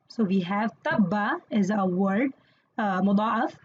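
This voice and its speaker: A woman's voice: mid-range voice, expressive, takes it slowly, dull audio, a little hiss or hum. A woman teaching Quranic Arabic grammar in an online lesson, explaining patiently and checking in with listeners as she goes.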